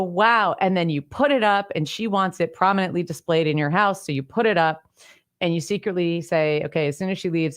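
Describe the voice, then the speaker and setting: Middle-aged woman, lowish voice, teaching talk, step-by-step explainer, everyday examples, acted-out quotes. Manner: acts out quoted lines with bigger pitch swings. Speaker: decluttering coach.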